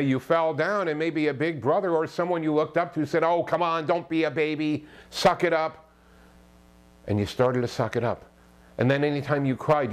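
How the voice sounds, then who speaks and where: A man in the middle pitch range talks straight to camera with the conviction of a self-help author. He hammers his points home with rhetorical questions and keeps checking in with a pointed "okay?", preachy and emphatic throughout. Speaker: self-help author giving advice to men. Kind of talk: direct-to-camera advice monologue.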